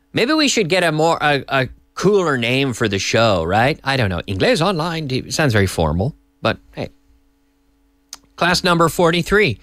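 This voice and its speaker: Lively chatty male English teacher. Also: mid-range voice, dry recording, studio quality. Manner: chatty, reads out viewer messages. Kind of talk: live-stream lesson chat. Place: TV studio.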